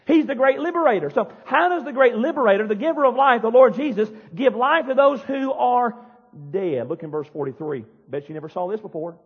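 A man with a strikingly high, husky voice preaches a fiery sermon from the pulpit, crying out with force. The sound is dull and lo-fi, with a long reverb trailing through the church hall. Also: lively intonation, fairly quick. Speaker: pastor. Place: church sanctuary.

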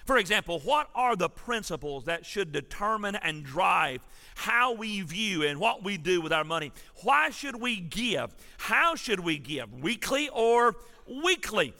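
A man's voice: high voice, very animated, a little slow, vocal fry, pushed and bright, in a large hall. A man, a pastor preaching an emphatic, storytelling sermon in a church sanctuary.

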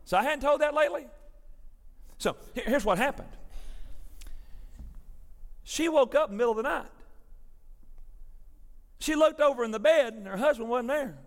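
A man preaching a sermon, telling a folksy story to his congregation in a lively, animated way. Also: very high voice, normal speed, long pauses. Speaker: pastor. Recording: preached in a reverberant sanctuary.

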